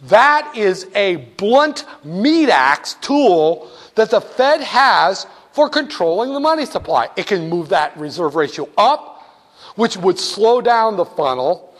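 Male instructor, high-pitched, lively and joking, lecturing a class directly. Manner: jokey, animated, talks straight to students.

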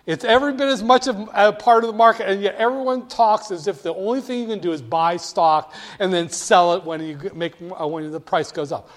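A man with a slightly higher-than-average voice, teaching a room of students. He is lively and emphatic, dropping to quiet asides and then rising to loud, punchy points. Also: a little fast, hardly any pauses. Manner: animated, emphatic, swings between quiet and loud. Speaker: instructor. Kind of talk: classroom lecture.

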